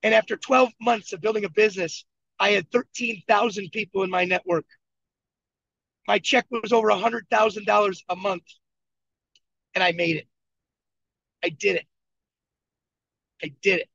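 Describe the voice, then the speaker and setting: A man from Buffalo, New York, with a high, gravelly voice coaches his team and drives his points home by repeating them. The sound is dry and dull, like lo-fi video call audio. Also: moderate pace, long pauses, a bit bright, no echo. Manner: emphatic, repetitive storytelling. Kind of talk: motivational coaching talk. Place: moving vehicle.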